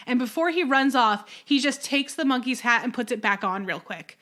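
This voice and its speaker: A young woman co-hosting a podcast, ranting in animated casual chat. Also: a little high, brisk. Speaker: podcast co-host.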